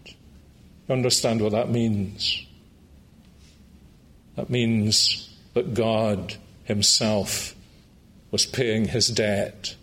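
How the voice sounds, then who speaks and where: A man preaching a sermon, slow and emphatic, with dramatic pauses and high, excited climaxes.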